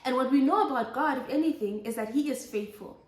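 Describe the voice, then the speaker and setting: Young woman, high voice, fervent repetitive preaching, roomy echo. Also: fast talker. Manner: exhorting, repetitive emphatic preaching. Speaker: host of a Christian motherhood show. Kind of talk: preaching Bible study.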